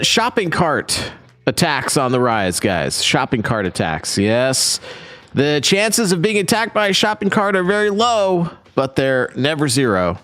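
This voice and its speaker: A man's voice: fairly high pitch, fairly bright tone, clean tone. A man hosting a podcast in casual chat, introducing clips in an upbeat, wry way and chuckling often. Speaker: podcast host.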